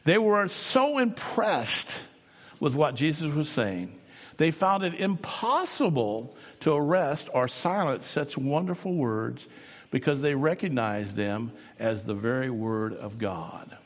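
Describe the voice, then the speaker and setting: A man preaching a sermon, swinging between quiet, drawn-out lines and loud, raised bursts. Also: mid-range voice, sing-song. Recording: long hall reverb.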